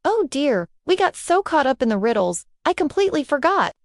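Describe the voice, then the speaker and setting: A cheerful apple boy from a children's storybook, as a woman puts him on rallies his friends in an upbeat, encouraging way. The voice is high and lively. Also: a little fast, dry recording, studio quality.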